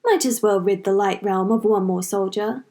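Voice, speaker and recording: A woman's voice: medium pitch, moderate pace, warm tone, natural voice. A woman voicing a smug, cold male shadow warlord with a hissing, foreign-sounding accent in a fanfiction reading. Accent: foreign-sounding put-on accent. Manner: hissing, sinister.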